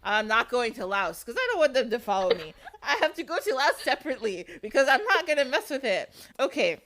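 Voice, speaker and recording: A woman hosting a podcast, chatting casually and telling a folktale, animated and laughing often with a playful nervousness. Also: on the high side, a little fast. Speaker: podcast host. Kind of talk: casual chat and storytelling.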